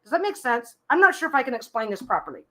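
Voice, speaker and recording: A woman's voice: a little high, sing-song, racing, fairly bright tone. A woman reading tarot cards on a casual live stream. She gives chatty, reassuring advice, often restarting and repeating her phrases.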